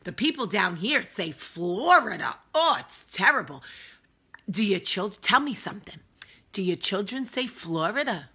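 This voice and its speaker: A woman putting on a loud, bossy, gushing Northern woman who is a fan. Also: mid-range voice, sing-song, a little slow, breathy edge, full character voice.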